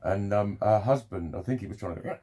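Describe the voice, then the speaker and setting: A man's voice: fairly low pitch, a little fast, dark tone, husky. A young man talking candidly in a rambling, sweary vlog monologue, laughing often.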